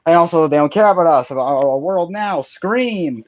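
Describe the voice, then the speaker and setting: A man speaking in an excitable, rambling way as a panelist in a casual online debate over a video call. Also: a little high, normal speed, highs cut off, crowd noise.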